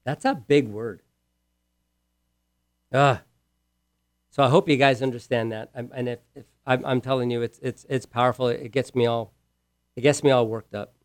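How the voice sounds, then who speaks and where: A man preaching a sermon with real emphasis, repeating his key words and moving between loud passages and hushed ones. He asks the listeners questions directly. His voice sits at a middle pitch, and the recording is dry with no room echo. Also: steady tone, moderate pace, pauses often.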